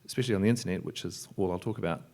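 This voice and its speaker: A software entrepreneur and filmmaker speaks on a panel at a conference held in a library lecture hall. His low, creaky voice comes out rapid-fire as he jokes around loosely. He stumbles, restarts often, and uses lots of fillers.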